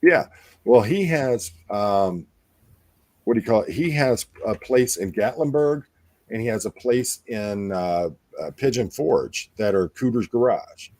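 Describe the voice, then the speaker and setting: Deep-voiced rambling male host. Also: lively intonation, measured pace, a little mellow, no echo, clean studio sound. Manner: rambling, with many fillers and restarts. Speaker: podcast host. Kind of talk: casual chat.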